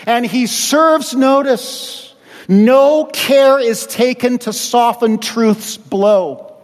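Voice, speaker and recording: A man's voice: very high voice, drawn-out words. Male pastor, sermon delivery, acts out quotes, reverberant church hall. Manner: preaching with acted-out quotes.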